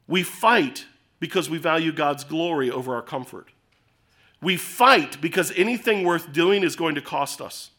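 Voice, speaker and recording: A middle-aged man preaching a sermon as pastor, emphatic, swinging between loud urging and hushed storytelling. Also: on the high side, moderate pace.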